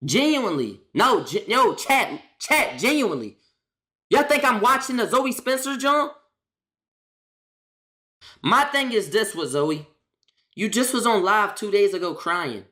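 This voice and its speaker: A woman's voice: medium pitch, lively intonation, a little slow, long pauses, pushed and bright. A woman streamer ranting casually to her chat in a slangy, exasperated, repetitive way.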